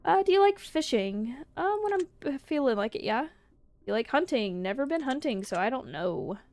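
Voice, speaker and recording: A woman's voice: sits high, big pitch swings, normal speed, darkish tone, no room sound. A woman streamer in casual livestream chat, answering viewer questions, laughing often and swearing freely.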